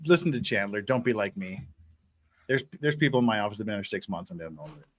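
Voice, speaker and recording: A man's voice: on the low side, lively intonation, quick pace. A man hosting a casual livestream chat, reading viewer messages aloud and laughing easily. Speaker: host.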